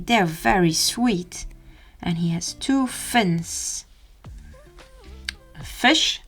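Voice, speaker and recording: A woman slowly naming animals for a baby in a playful sing-song way, imitating animal sounds and sometimes dropping to a soft whisper. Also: mid-range voice, animated, creaky, faint music behind. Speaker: children's video presenter.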